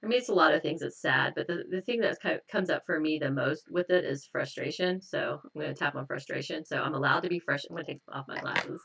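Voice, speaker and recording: A woman's voice: low-pitched, fast talker, creaky, hardly any pauses, breathy edge, recorded from a distance, rough recording. Chatty woman guiding a tapping exercise. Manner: relaxed, chatty, laughs often, repeats affirmations. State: a little tired and stressed. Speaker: hypnotist leading a tapping exercise. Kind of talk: casual live stream, guided tapping.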